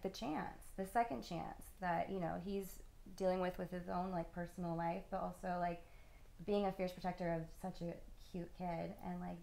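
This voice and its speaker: Gravelly-voiced young actress, echoey room. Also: female voice, medium pitch, a little mellow, distant mic. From California, USA. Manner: upbeat, lots of "like". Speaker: actress guest. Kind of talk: casual interview chat.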